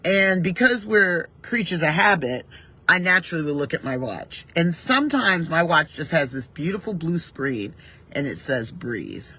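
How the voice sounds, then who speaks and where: A woman vlogger gives her viewers a casual, reflective morning pep talk, warm and conversational, with gentle mentions of her faith now and then. Her husky voice is on the low side, swings widely in pitch, and keeps a moderate pace.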